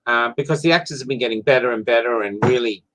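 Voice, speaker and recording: A man's voice: mid-range voice, quick pace, fairly bright tone, rough recording. A man, a playwright chatting casually and telling rambling, enthusiastic stories about his theatre work. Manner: enthusiastic storyteller, rambling with restarts. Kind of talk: casual chat.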